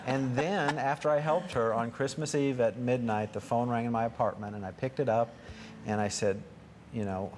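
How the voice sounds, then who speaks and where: A man's voice: medium pitch, steady tone, moderate pace, darkish tone, a little hiss or hum. A man guest on a talk show, telling his story with quoted dialogue. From United States.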